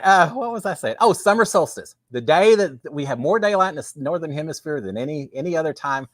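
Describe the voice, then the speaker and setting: Man, Texan accent, casual live-stream host, folksy, lively pitch, dry room. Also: brisk, hardly any pauses, dry recording. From Texas. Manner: folksy, chatty, reads viewer comments aloud. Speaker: livestream host. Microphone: webcam with green screen.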